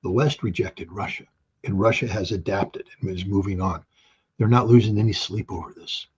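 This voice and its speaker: A man's voice: on the low side, moderate pace, darkish tone, husky. A middle-aged man giving blunt, emphatic political commentary as an interview guest, hammering points through repetition. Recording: dull lo-fi sound.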